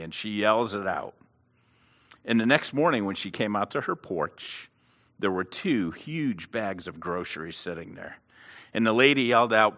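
Man, sermon, lapel mic, long hall reverb, animated pitch. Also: moderate pace. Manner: animated storytelling with restarts. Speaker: preacher. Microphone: clip-on lapel mic.

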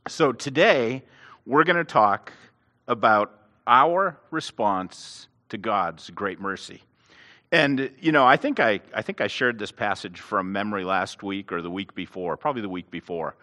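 A man preaching a sermon on a lapel mic, telling stories with lively restarts. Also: on the low side, unhurried. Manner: animated storytelling with restarts. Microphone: clip-on lapel mic. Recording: long hall reverb.

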